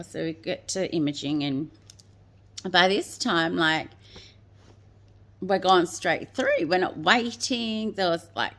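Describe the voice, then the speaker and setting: A woman telling a personal story in a rambling way, with many fillers, often quoting what others said. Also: medium pitch. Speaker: guest telling her story.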